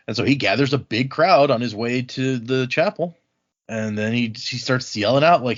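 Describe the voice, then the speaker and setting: A man's voice: mid-range voice, moderate pace. A man recapping book chapters in casual podcast chat, acting out the characters' lines as he goes. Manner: animated retelling, acts out characters' lines. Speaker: podcast host retelling the chapters. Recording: slightly muffled lo-fi audio.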